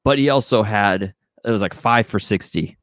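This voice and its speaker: A man with a fairly low voice talks loosely and at length, circling back and restarting his sentences. He co-hosts a casual sports chat. His voice sounds dry and close to the mic. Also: moderate pace, a bit bright, dry recording. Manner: rambling, with restarts and fillers. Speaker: podcast co-host. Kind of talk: casual fantasy football chat.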